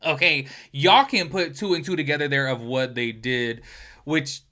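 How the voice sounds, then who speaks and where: Bright-voiced man doing gossip commentary. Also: mid-range voice, moderate pace. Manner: animated, exclamatory, apologetic asides, uses "y'all". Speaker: commentary YouTuber host.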